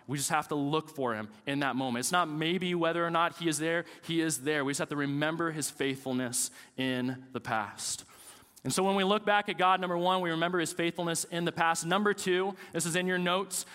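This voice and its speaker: A man's voice: fairly high pitch, a bit bright, big-room sound. A man in his thirties, a pastor preaching a sermon with casual, joking stories about family life.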